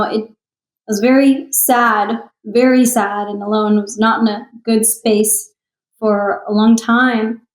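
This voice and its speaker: A woman's voice: medium pitch, darkish tone, roomy sound, rough recording. A young woman from Texas, a singer and author, telling her story in a candid podcast interview with emotional earnestness.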